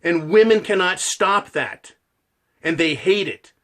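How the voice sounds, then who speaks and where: A man's voice: high voice, animated, slow, fairly bright tone. A man delivering a passionate, profane ranting monologue as a channel host.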